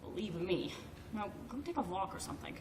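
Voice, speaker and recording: A woman's voice: medium pitch, sing-song, a little fast, crowd noise, close to an everyday voice. An actress playing a stern, cold old grandmother who speaks bluntly and in clipped phrases. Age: older. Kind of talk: film drama acting. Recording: roomy, distant film sound, faint noise.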